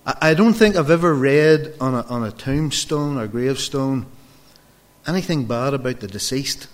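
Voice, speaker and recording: Man, fifties, pastor telling anecdotes in a sermon, middle-pitched, talks straight to the folks. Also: animated, moderate pace. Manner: storytelling, acts out dialogue, addresses the folks directly. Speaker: preacher. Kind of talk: sermon with personal stories.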